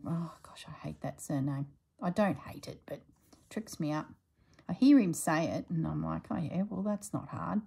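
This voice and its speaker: A middle-aged woman chatting casually while she stitches, thinking aloud and drifting into soft asides. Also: sits low, vocal fry, husky, poor audio. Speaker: slow-stitching vlogger.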